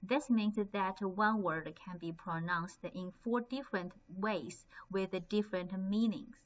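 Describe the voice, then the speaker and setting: A woman's voice: medium pitch, unhurried. A woman teaching a beginner lesson, speaking carefully and demonstrating tones. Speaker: Chinese language teacher. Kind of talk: online language lesson. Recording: slightly dull lo-fi recording.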